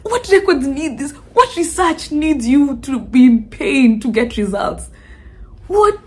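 A Kenyan woman vlogging casually, giggling often and reacting with animated chatter. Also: sits high, measured pace. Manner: giggly, animated, mixing in Swahili.

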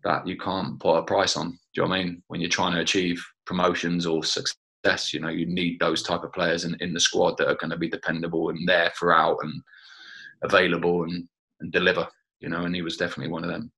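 Deep, bright-toned man reminiscing. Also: monotone, fairly quick, gravelly, low-quality recording. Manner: chatty, fills with "you know" and "like that, like". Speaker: former teammate. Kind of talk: reminiscing interview.

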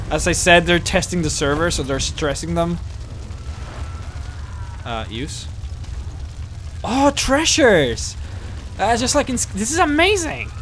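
A man commenting on a video game as he plays, excitable and swearing freely. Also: high voice, a little hiss or hum. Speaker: let's play host. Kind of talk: gameplay commentary.

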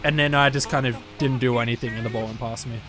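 A man playing a car soccer game as a guest, chatting casually, excitable, swearing and yelling at the plays. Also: medium pitch, fast, over music. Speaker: guest co-player. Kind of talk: casual gameplay chat.

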